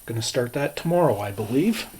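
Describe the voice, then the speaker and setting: A man narrating a casual vlog at his small off-grid cabin, talking slowly and plainly to himself with sighs and asides. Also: mid-range voice, lively intonation, darkish tone, a little hiss or hum. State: out of breath. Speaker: cabin owner filming his visit.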